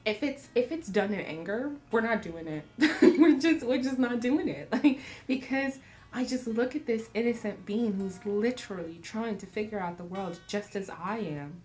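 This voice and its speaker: Animated woman chatting over soft music. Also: on the high side, normal speed. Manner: animated, laughing often, acting out voices. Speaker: parenting vlogger. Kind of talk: casual reflective talk. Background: faint acoustic music.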